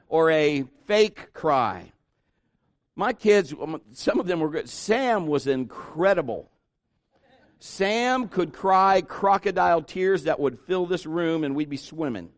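A middle-aged pastor preaching a sermon, telling stories with animated energy and putting on the voices of the people in them. His voice sits high and swings widely in pitch. The sound is dry and close. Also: dry recording. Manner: animated storytelling, acting out voices and cries.

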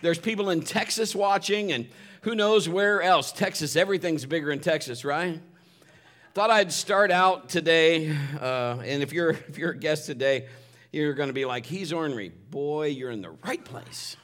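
A man's voice: a little high, normal speed, a bit bright. A man pastor giving a folksy, joking sermon and church announcements on a live stream. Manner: folksy, upbeat, joking, with many restarts.

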